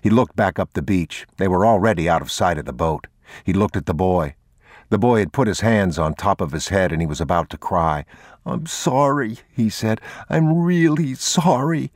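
A man narrating an audiobook in a measured, unhurried, even delivery. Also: sits low, dry recording, clean studio sound.

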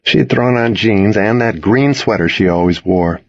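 A man reading a story aloud in the first person, with a measured, intimate storytelling manner. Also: fairly low pitch, dry recording, lo-fi sound. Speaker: audiobook narrator. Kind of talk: first-person scripted narration.

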